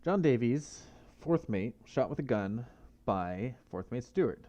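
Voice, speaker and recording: A man's voice: mid-range voice, lively intonation, a little slow, warm tone, muffled recording. A man playing a mystery game, muttering and reasoning aloud to himself in casual commentary. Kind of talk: casual let's-play commentary.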